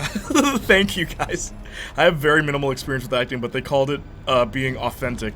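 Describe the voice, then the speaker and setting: A young man chatting casually while streaming a game, telling stories in an animated way with lots of fillers. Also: fairly high pitch, normal speed, a little hiss or hum. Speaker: gaming streamer.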